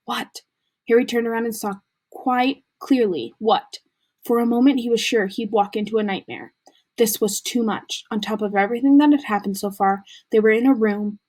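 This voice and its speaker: A woman teacher reading a novel aloud with lively, expressive storytelling, recorded at home for a remote class. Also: mid-range voice.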